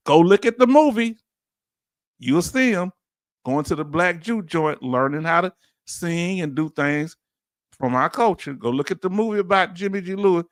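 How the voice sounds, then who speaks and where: A man with a Southern Louisiana accent giving an animated, preachy commentary as host, full of rhetorical questions and chuckles. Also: fairly high pitch, no echo, clean studio sound. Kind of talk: casual commentary monologue.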